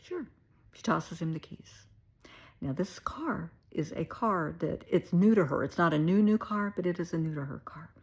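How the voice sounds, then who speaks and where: A woman's voice: on the low side, expressive, normal speed, a little mellow, breathy edge. A middle-aged woman therapist with a Southern US accent, telling a story with emphatic, wry asides. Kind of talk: storytelling advice video.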